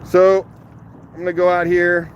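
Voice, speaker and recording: A man hosting a casual live stream outdoors on a rocky shoreline, chatting, greeting viewers by name and laughing easily, recorded on a phone held in one hand, his voice a little rough from the morning. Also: high voice, completely flat delivery, a little slow, muffled recording, slight background noise. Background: faint outdoor waterside ambience.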